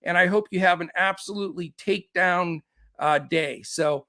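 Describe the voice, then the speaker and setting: A man hosting a live fantasy sports picks show, talking quickly and upbeat with many fillers, out of breath. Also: high voice, vocal fry, sharp tone, no room sound, clean studio sound. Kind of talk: live-stream picks rundown.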